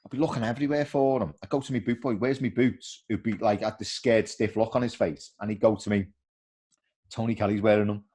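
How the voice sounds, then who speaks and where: A middle-aged man, a former footballer telling animated stories in a casual interview and acting out the voices of others. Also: fairly low pitch, fast talker.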